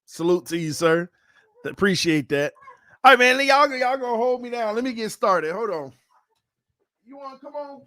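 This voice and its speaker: A man's voice: sits high, lively intonation, normal speed, sharp tone, no echo, studio quality. A man hosting a casual livestream from home, chatty and upbeat, reading out viewer comments. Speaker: host of a fan channel livestream. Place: at home with his baby.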